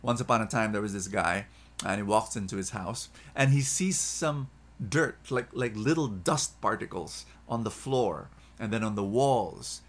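A man preaching an inspirational sermon, animated and repetitive, shifting from loud emphasis to soft asides. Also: lowish voice, unhurried.

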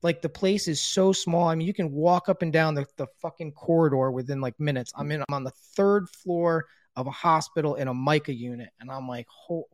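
A man's voice: fairly high pitch, a little fast, few pauses, no room sound. A middle-aged man candidly telling his own recovery story, swearing freely and acting out the people he quotes. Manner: candid, frequent swearing, quotes others in dialogue; grows quiet and subdued in emotional moments. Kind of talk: personal storytelling.

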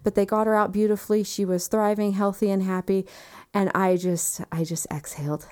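A woman in her thirties, earnest and reflective, telling a personal story in conversation and often dropping quiet. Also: mid-range voice, flat delivery, normal speed. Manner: earnest and reflective, quiet moments with soft laughs.

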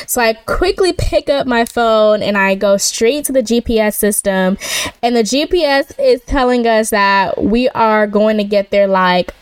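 A woman's voice: fairly high pitch, smooth, no echo. A young woman hosting a casual faith podcast, telling a personal story in a chatty way, full of "y'all" and "like". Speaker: podcast host. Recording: dry, slightly distant mic.

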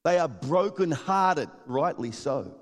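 A man preaching a sermon in a church hall, animated and laughing often as he acts out the people in his stories. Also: on the high side, slow. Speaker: pastor. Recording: long hall reverb.

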